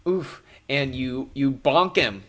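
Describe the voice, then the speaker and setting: A man's voice: medium pitch, takes it slowly, fairly bright tone. A man narrating a live-streamed tabletop game as game master, playful and jokey, with frequent fillers.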